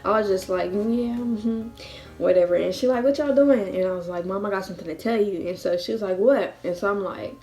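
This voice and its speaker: A woman's voice: lowish voice, fast, few pauses, soft background music. A woman in her early twenties telling a personal story in a casual vlog, acting out what others said and laughing often. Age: 20s. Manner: animated, acts out quotes with laughs. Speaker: vlogger.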